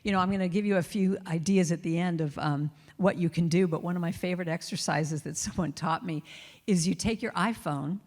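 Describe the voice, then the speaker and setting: A woman's voice: lowish voice, a little fast, a little mellow, big-room sound. A woman giving a chatty, playful inspirational talk at a spiritual center, laughing now and then. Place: church hall.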